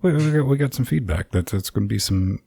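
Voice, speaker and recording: A man's voice: lowish voice, expressive, fast talker, gravelly, dark tone, breathy edge, no room sound. A man co-hosting a podcast, talking in a rambling, jokey way with many restarts. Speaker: podcast co-host. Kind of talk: casual podcast chat.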